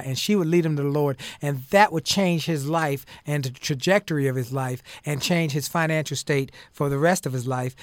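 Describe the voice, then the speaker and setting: A male host of a conversational interview who tells stories in an animated way, with frequent fillers. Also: a little high, dry recording, studio quality. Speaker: talk show host.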